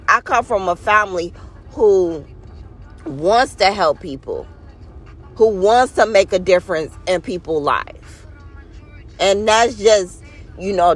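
A woman talks straight to her podcast listeners in an unhurried, heartfelt monologue. She leans into key words and draws them out, sounding earnest and a little preachy as she encourages them. Her pace stays slow and deliberate throughout. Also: mid-range voice, fairly bright tone. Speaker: podcast host. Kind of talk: casual inspirational monologue.

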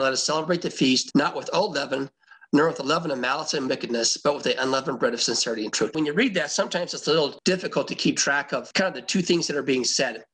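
A man's voice: medium pitch, fairly bright tone, husky, low-quality recording. A man teaching a Bible passage to a congregation, conversational and emphatic, reading verses aloud and explaining them. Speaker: pastor teaching scripture.

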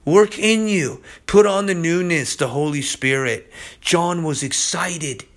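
A man's voice: on the high side, slow pace. A man preaching a podcast sermon, urgent and pleading, who keeps repeating "listen" to his listeners. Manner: impassioned, pleading.

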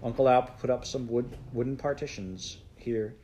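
A man reading a classic children's storybook aloud in a measured, unhurried way. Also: mid-range voice, warm tone, slight background noise, poor audio. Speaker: audiobook narrator.

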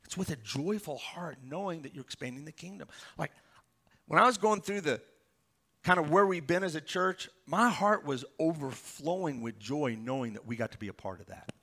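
A pastor giving a sermon, reading scripture verses aloud and explaining them with stories and asides. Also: male voice, on the high side, normal speed, a bit bright.

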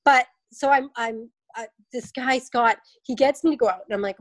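A woman's voice: fairly high pitch, fairly quick, few pauses, dry recording, poor audio. A woman in her thirties chatting about racing, telling stories and acting out what people said to her. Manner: chatty storyteller, acts out quotes with lively voices. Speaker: guest, obstacle race athlete. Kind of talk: casual podcast interview.

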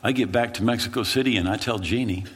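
A male pastor preaching a sermon, telling a story in an animated, dramatic way with repeated phrases. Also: lowish voice, quick pace, husky.

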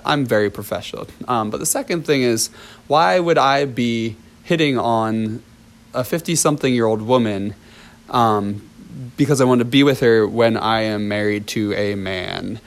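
A man of ordinary mid pitch recounts a story for his vlog audience. He talks casually, breaking into laughs and sprinkling in ums and false starts. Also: moderate pace, gravelly. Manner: chatty storytelling with laughs, filler ums and restarts. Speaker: dance teacher.

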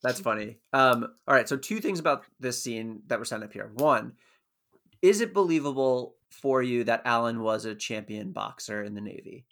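A man's voice: mid-range voice, expressive, normal speed, fairly bright tone. A man with a mid-range voice co-hosts a podcast, walking through a sitcom episode in a thoughtful, analytical way. He leans on fillers and restarts as he works through his points. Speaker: podcast co-host. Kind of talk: casual chat recapping a TV show.

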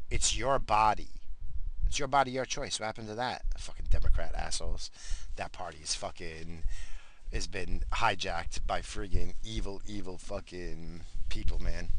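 A man ranting bluntly and profanely to his viewers, repeating himself and tossing in quick apologies between heated points. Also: fairly low pitch, fairly bright tone, slight background noise, rough recording. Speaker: vlogger. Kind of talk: casual rant to camera.

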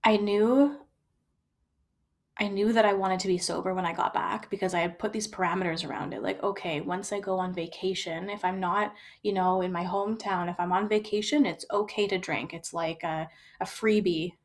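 A woman's voice: mid-range voice, steady tone, moderate pace. A young woman telling her own story in a candid, reflective way, with frequent fillers and restarts. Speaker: storyteller sharing personal experience.

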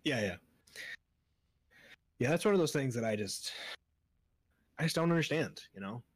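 A man's voice: medium pitch, lively intonation, moderate pace, slightly rough, no room sound. A young man co-hosting a casual podcast, rambling and trailing off mid-thought with frequent laughs. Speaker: podcast co-host.

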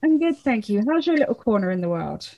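A woman's voice: medium pitch, big pitch swings, quick pace, mellow, dull audio. A woman, hosting a casual podcast interview in a chatty way and laughing often. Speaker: podcast host.

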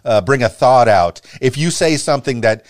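A man's voice: medium pitch, expressive, normal speed, no echo. A man from Miami hosting a podcast interview in a neutral American broadcaster accent, stammering and restarting often. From Miami, Florida, USA. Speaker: podcast host. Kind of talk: casual interview chat.

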